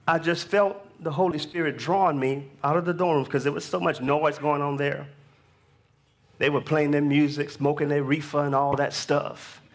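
A man in his thirties delivers a sermon in a fairly high voice. He moves between hushed, personal storytelling and raised, call-and-response exhortation, drifting off the mic now and then. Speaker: pastor.

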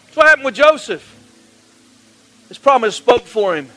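A male pastor preaching a sermon, calling on the congregation to answer back and building to loud, emphatic peaks. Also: very high-pitched, expressive, normal speed, soft background music, poor audio. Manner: call-and-response preaching, rising to shouts.

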